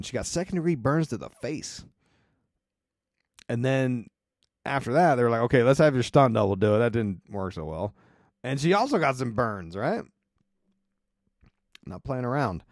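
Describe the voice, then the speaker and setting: A man's voice: medium pitch, a little mellow, dry recording. Casual dry-voiced male podcast host. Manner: colloquial, wry asides, quick restarts. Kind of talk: casual storytelling chat.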